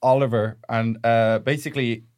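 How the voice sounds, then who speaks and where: A man's voice: mid-range voice, normal speed. A man co-hosting a comedy podcast, telling rambling anecdotes in casual chat. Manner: rambling, animated storytelling. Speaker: podcast co-host.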